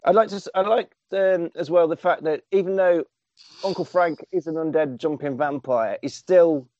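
A man's voice: on the high side, moderate pace, darkish tone, dry recording. A man, animatedly recapping a film on a podcast and swearing casually. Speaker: podcast host. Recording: dull lo-fi dry sound.

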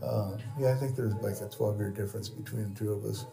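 Male guest, Californian accent, gravelly, profane storyteller who mimics others; light music bed. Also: lowish voice, fast. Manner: swears freely, animated impressions of others. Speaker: tattoo shop owner, guest. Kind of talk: casual storytelling.

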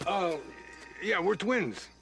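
A man's voice: sits high, lively intonation, slow, gravelly, a bit bright, full character voice. An actor playing a laid-back stoner man with a put-on accent who drawls and ends his lines with "man", in a movie clip. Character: laid-back stoner Cuban man claiming twin cousins. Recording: movie clip with faint music.

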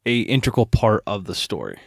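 A man's voice: fairly low pitch, huge pitch swings, fairly quick, creaky, no echo, clean studio sound. A man co-hosting a podcast in casual chat, telling stories in a loose, rambling way. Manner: rambling, with restarts and fillers. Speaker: podcast co-host.

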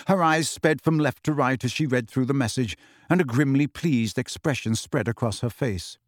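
A man narrating a novel in a steady, measured way. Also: mid-range voice, dry recording, clean studio sound. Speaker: audiobook narrator. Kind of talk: scripted narration.

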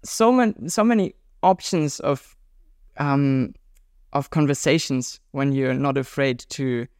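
Young German-accented man, gravelly and dry. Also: slow pace, dry recording. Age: 20s. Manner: upbeat and chatty, pitch jumps up when animated. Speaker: guest, world traveler and juggler. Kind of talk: casual conversational interview.

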